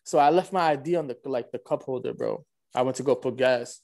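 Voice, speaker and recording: A man, telling a dating story in a loose, animated, slangy way and acting out both sides of each exchange. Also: mid-range voice, brisk, creaky. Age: 20s. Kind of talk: casual storytelling.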